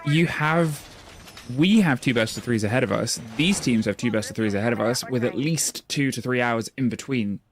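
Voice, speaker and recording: Esports play-by-play caster. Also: male voice, mid-range voice, moderate pace. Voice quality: rambling, self-deprecating asides. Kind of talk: play-by-play commentary.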